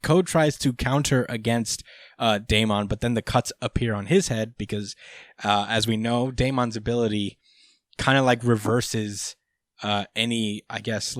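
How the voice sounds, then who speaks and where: Recapping a comic chapter on his podcast, a man talks in a laid-back way, swearing freely and using lots of fillers. His voice is on the low side with a steady tone and normal speed, and there's no room sound.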